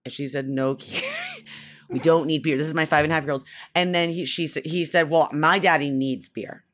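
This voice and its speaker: This radio co-host, a woman in her forties, speaks in a low-pitched voice at a fairly quick clip, with slight background noise behind her. Her casual on-air chat is animated and exclamatory, full of storytelling.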